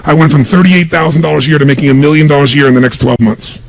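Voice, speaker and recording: A man delivering a motivational seminar in a gravelly, raspy voice that sits a little high for a man. He speaks with emphatic punch. He keeps throwing quick questions at the crowd for them to answer. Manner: emphatic, punchy, quizzes the audience with call-and-response questions. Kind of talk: live motivational seminar speech.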